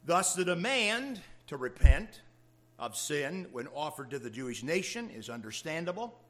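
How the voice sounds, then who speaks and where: A man's voice: on the high side, very animated, moderate pace, fairly bright tone. A man preaching a sermon to his congregation, with dramatic rises of emphasis in a preaching cadence. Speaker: pastor.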